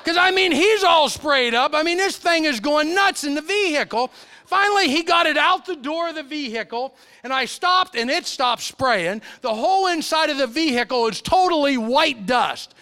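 A middle-aged man preaching a sermon in church, telling stories animatedly and swinging between loud and hushed. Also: very high voice, animated, normal speed.

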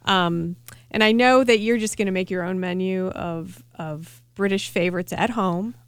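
A woman's voice: mid-range voice, normal speed, smooth, no room sound. A woman co-hosting a casual radio food chat, wry and chatty, often restarting her sentences. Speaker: co-host, food writer.

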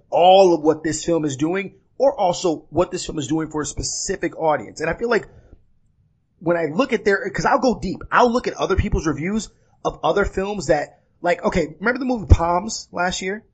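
A man with a slightly husky, fairly high voice talks through his frustration about film reviews in a loose panel conversation. His pitch swings a lot, and he often stops to restart his sentences and to mimic the people he disagrees with. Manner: animated, hesitant restarts, exasperated quoting. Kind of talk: casual panel discussion.

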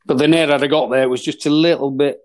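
A man's voice: fairly high pitch, fairly even intonation, fast talker. A middle-aged man spins a yarn in casual conversation as a podcast guest. He is blunt and swears freely, and he acts out both sides of the exchanges as he tells them. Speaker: professional golf caddie, podcast guest. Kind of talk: casual storytelling.

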